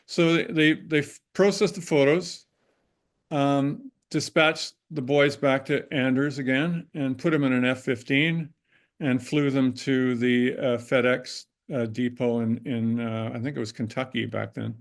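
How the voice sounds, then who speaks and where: A man's voice: mid-range voice, steady tone, measured pace. An older man, a guest in an interview, telling anecdotes in a casual, rambling way with many restarts and self-corrections. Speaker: interview guest, former prop master.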